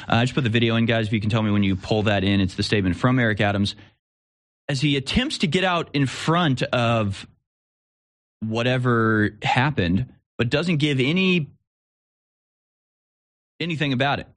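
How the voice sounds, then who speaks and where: A man's voice: mid-range voice, animated, moderate pace, pauses often, fairly bright tone, no echo, clean studio sound. A man hosting a live commentary show, talking in a rambling way with restarts and sarcastic asides. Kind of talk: casual opinion commentary.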